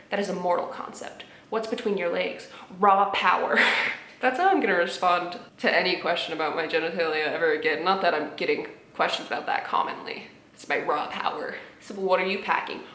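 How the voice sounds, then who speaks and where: A young woman at home, reacting to memes with sarcastic, animated commentary, laughing often and dropping into muttered asides. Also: fairly low pitch, roomy sound. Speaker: video creator reacting to memes. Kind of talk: casual commentary vlog. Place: home apartment.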